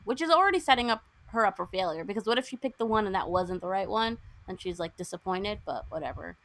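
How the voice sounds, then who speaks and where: Give me a young woman co-hosting a podcast, animated and chatty, with a dry, close sound. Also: medium pitch, no echo. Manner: animated, acts out characters' lines in quick put-on voices. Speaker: podcast co-host. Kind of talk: casual chat, retelling a film plot.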